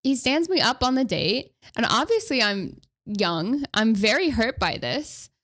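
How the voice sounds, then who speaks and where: A woman's voice: a little high, sing-song, unhurried, a bit bright. A woman in her twenties telling a personal story to her stream in a casual, rambling way, full of fillers and restarts. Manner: chatty and conversational.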